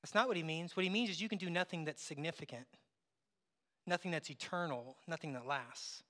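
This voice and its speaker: A man pastor preaching a conversational sermon, acting out bits of dialogue and dropping from loud to hushed. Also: a little high, fairly quick. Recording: long hall reverb.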